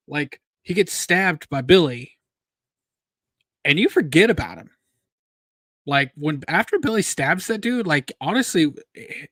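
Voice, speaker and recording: A man's voice: a little high, pushed and bright, no room sound, studio quality. Man giving candid fan-film critique. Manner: candid, lots of "like" fillers. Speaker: co-host reviewing fan films. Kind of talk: casual review chat.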